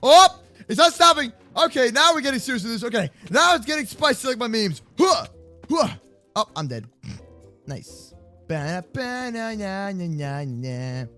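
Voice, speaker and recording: A young man goofing around in a Minecraft role-play from his bedroom, joking and yelling as he plays. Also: very high voice, big pitch swings, moderate pace, faint music behind. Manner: hyper, jokey, often yelling. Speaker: gaming YouTuber. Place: home bedroom.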